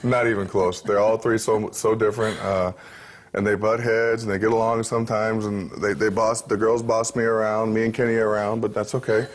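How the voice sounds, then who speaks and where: A man's voice: on the low side, flat delivery, a little fast. A man in his thirties, a professional football player, talking candidly and easily as an interview guest, with many fillers and restarts. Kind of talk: relaxed interview talk.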